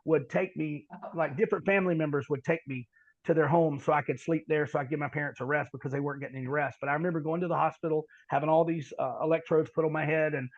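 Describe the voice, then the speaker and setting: Man telling a story, halting and dry. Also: fairly high pitch, fairly even intonation, no echo, highs cut off. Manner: halting, repeats words, drops to quiet asides. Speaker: podcast guest. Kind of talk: storytelling in conversation.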